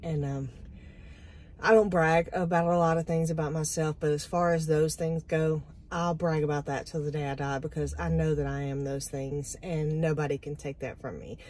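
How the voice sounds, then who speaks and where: A woman's voice: sits low, steady tone, normal speed, darkish tone, rough recording. A middle-aged woman, talking in a rambling, heartfelt way for a casual vlog, with lots of ums. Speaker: vlogger.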